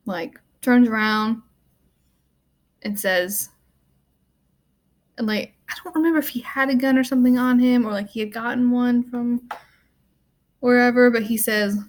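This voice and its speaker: Young female student vlogger, a little high-pitched, casual rambling rant with a wry tone. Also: steady tone, a little slow, pauses often. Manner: rambling, full of "like" and "um"; offhand and wry. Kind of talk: casual movie rant to camera.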